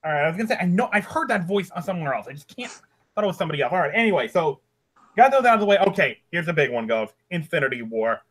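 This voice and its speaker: A man hosting a casual podcast discussion, talking in halting bursts with restarts and casual cursing. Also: on the high side, big pitch swings, fairly bright tone. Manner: halting, lots of ums and restarts, curses casually. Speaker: podcast host. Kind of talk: casual chat.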